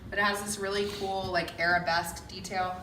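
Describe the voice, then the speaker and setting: A young woman giving a casual walkthrough of her home renovation, chatty and filling pauses with lots of ums. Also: mid-range voice, level tone, pushed and bright, slight background noise. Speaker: homeowner giving a renovation tour. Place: empty house under renovation, indoors. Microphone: camera mic held by another person. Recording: echoey bare room, voice off-mic.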